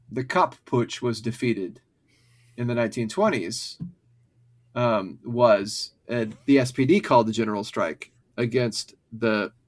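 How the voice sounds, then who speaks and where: A man with an ordinary, middle-pitched voice reads history passages aloud on a podcast. Between passages he breaks into loose, hesitant commentary, full of "um"s and restarts. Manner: reads passages, then riffs with many fillers and restarts. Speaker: podcast co-host. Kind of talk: reading an article aloud and discussing it.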